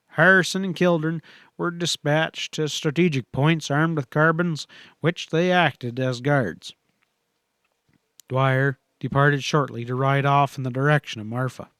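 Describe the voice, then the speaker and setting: A man narrating a western audiobook in a steady, measured reading. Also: fairly high pitch, clear, resonant tone, dry recording, clean studio sound.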